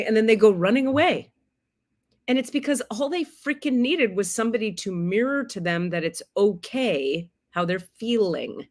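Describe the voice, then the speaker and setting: Woman, spiritual teacher, casual livestream talk; frank, expressive, swears, acts out quotes. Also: mid-range voice. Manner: plays out quoted voices of a child and a parent.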